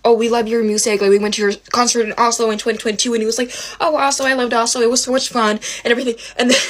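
Young female vlogger, fairly high pitch, gushing and rambling, casual storytime delivery. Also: fairly bright tone. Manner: giddy, rambling, heavy use of "like". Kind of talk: excited storytime.

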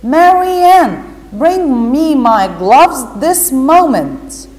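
A woman reading aloud as a fussy white rabbit who barks orders in a shrill, high voice, stretching every word. The slow, echoey room gives it a storybook ring, and there is an under the squeak. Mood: impatient.

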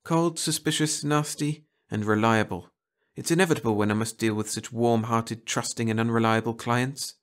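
A man voicing a cool, efficient female agent who speaks in crisp, cutting lines, in a read-aloud story. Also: mid-range voice, fairly even intonation, normal speed, lightly acted. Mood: cool, scolding.

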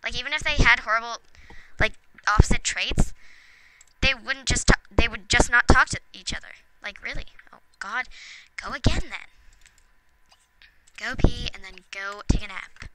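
A woman's voice: on the high side, moderate pace, long pauses. A woman giving casual gameplay commentary at home, chatting to the game's characters and chuckling often. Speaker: let's play gamer. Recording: noticeable background noise with clicks.

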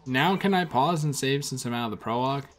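A man's voice: medium pitch, fast talker, soft background music. A man doing casual gameplay commentary, reading menu text aloud with wry asides. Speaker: let's play gamer.

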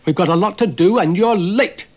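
A man's voice: sits high, moderate pace, a little mellow. A man voicing a vain, grumpy shaggy dog in a storybook reading, haughty and bossy. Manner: haughty, bossy, self-important. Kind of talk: storybook narration with character voices.

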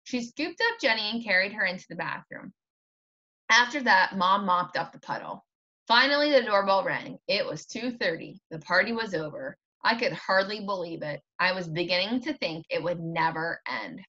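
Woman reading a storybook, lively. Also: medium pitch, moderate pace. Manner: expressive storytelling. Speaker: teacher. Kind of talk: reading a children's book aloud. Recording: dull lo-fi recording.

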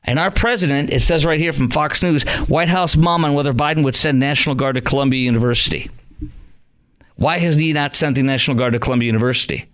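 A man's voice: on the high side, fast talker, a bit bright. A middle-aged man from Chicago hosting a call-in talk radio show, indignant and full of rhetorical questions.

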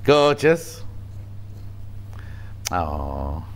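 A man's voice: a bass voice, big pitch swings, extremely slow, a little hiss or hum. A man presenting on a shopping channel, chatting in a jokey, rambling way about fabrics and his cats. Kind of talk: casual chat. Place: TV studio.

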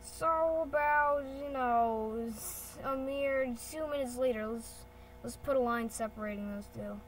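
This channel host's voice is a little high and a little mellow, steady in tone and unhurried. She gives casual, wandering, playful commentary over a screen recording, correcting herself as she talks, while keyboard and mouse clicks sound behind her on poor audio with slight background noise.

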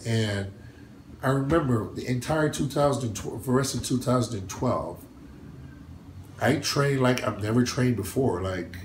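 Male interview guest: a lively storyteller who acts out the quotes, recorded in a reverberant room with light background noise. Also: measured pace. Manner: animated, acts out quotes with big pitch jumps, laughs often. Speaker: bodybuilder guest.

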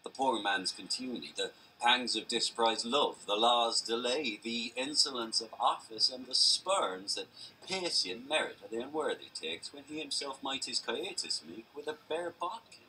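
A man's voice: medium pitch, lively intonation, sharp tone, husky, recorded from a distance, exaggerated voice, rough recording. A man playing a brooding young prince in rolled West Country burr. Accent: Shakespearean original pronunciation with West Country burr. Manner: measured, rolling verse delivery. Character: brooding young prince weighing life and death. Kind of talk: classical stage soliloquy.

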